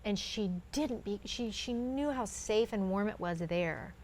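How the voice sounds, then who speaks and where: A woman in her thirties tells a personal testimony to an interviewer, speaking earnestly and slipping into other people's words as she recounts them. Her voice sits at an ordinary middle pitch for a woman, and she unfolds the story at a conversational pace. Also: a little slow, a little mellow, a little hiss or hum. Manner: earnest storytelling, often acting out what others said. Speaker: guest telling a family story.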